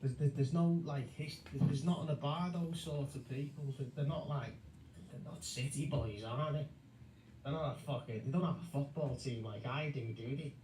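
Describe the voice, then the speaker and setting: Scouse bloke on voice chat, mocking and sweary, warm tone, echoey room with faint hum. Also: male voice, mid-range voice, moderate pace. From Liverpool, England. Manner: mocking, sweary, repeats "lad" and "mate". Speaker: voice chat participant. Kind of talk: heated casual chat.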